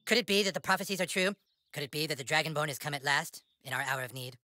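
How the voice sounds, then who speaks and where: A man's voice: extremely high pitch, sing-song, normal speed, full character voice. An actor playing a crude, bossy young boy acting as a mock-solemn fantasy mentor in a video game. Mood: awed. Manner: mock-solemn, foul-mouthed. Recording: game audio with loud music.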